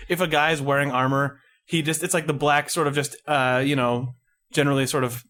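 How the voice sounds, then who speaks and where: A man's voice: mid-range voice, fairly even intonation, a little fast, fairly bright tone. Man joking on a podcast. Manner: wry, joking, loose and rambling. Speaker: podcast co-host. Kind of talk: casual chat.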